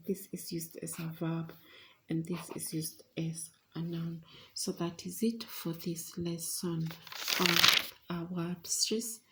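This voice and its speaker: A woman teaching an online English pronunciation lesson. She explains slowly and deliberately, with fillers. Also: lowish voice, rough recording.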